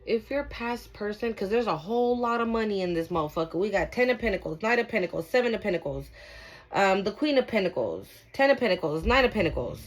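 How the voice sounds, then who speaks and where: A woman with a medium-pitched, lively voice talks fast on a rough recording. She's giving a casual tarot reading, speaking directly to viewers. She's emphatic and repetitive, and she swears a lot.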